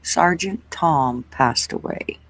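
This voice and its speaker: Easygoing stream host, slow and relaxed, friendly greetings, mid pitch, dead-dry room. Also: rough recording. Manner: relaxed, chatty, greets viewers by name. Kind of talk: casual livestream chat greeting viewers.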